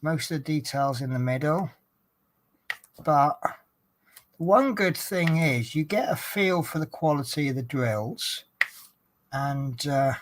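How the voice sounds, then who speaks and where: A man's voice: a little high, background noise. A man chatting casually while doing a craft hobby at home, joking at his own expense and asking viewers questions. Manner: chatty, self-deprecating joker. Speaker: vlogger, coach driver. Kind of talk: relaxed craft vlog chat.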